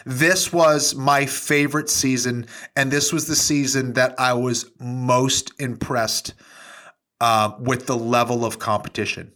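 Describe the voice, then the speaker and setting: A man's voice: mid-range voice, fairly even intonation, unhurried, sharp tone. A man as an interview guest, talking casually with many fillers and restarts.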